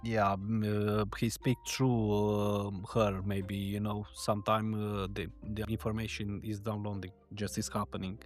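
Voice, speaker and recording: A man's voice: on the low side, flat delivery, measured pace, few pauses, faint music behind. Hesitant man hosting a podcast. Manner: hesitant, many fillers, non-native phrasing. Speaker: podcast host. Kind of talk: casual interview chat.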